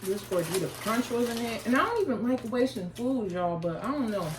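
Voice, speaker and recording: A woman's voice: a little high, sing-song, brisk, reverberant, distant mic, noisy background. A woman vlogger telling a casual story while eating, in a chatty, slangy way.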